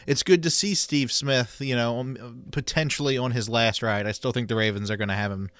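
A man co-hosting a casual sports talk show, speaking haltingly with many fillers and restarts. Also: mid-range voice, steady tone, a bit bright, no room sound. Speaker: co-host.

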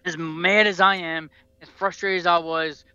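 A man's voice: high-pitched, little pitch movement, moderate pace, bright, forceful tone, smooth, no echo, lo-fi sound. A man hosting a casual sports talk show, rambling passionately like a devoted fan and restarting his sentences often. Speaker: podcast host.

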